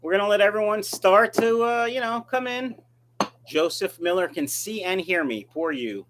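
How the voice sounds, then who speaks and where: A man's voice: high-pitched, normal speed, noisy background. A man hosting a casual live stream as a fish breeder, reading viewer comments aloud and answering them in a joking, rambling, self-mocking way.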